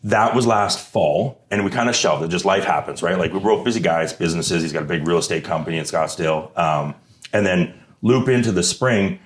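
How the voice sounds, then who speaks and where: A man's voice: low voice, fairly quick. A man on a podcast as a guest, telling a story in a loose, rambling way and leaning on "like" and "right?". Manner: grows loud and animated when retelling banter. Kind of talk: casual storytelling.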